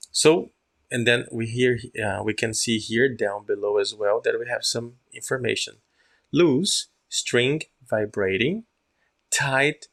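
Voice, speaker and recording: Gravelly-voiced man teaching English. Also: medium pitch, a bit bright. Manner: keeps checking in with "yeah?" and "okay?"; acts out sounds while explaining. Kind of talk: casual online English lesson.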